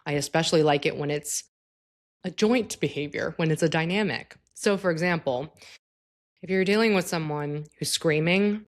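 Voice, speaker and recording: A woman's voice: low voice, normal speed. A woman psychologist giving advice in a casual, explanatory talk, speaking informally and addressing the listener directly with tag questions.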